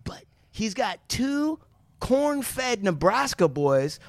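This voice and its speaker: A man hosting a casual podcast, telling a loose, joking story full of swearing. His voice sits high and swoops all over the place as he gets worked up. The sound is dry and close, with little room around it. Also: slow, dry recording. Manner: animated, profane, joking storyteller. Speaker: podcast host.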